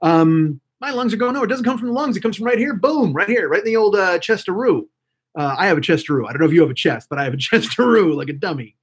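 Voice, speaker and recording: Fast, husky, hoarse man in his fifties. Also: high-pitched. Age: 50s. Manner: rambling, profane, excitable, talks to chat. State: hoarse throat. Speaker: live-stream host. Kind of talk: casual live-stream chat.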